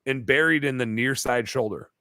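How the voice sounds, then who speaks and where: Animated bright-voiced man telling stories. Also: mid-range voice, moderate pace, smooth, no room sound. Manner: animated storyteller, many fillers. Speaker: podcast guest. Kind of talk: casual storytelling chat. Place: bar-themed podcast set.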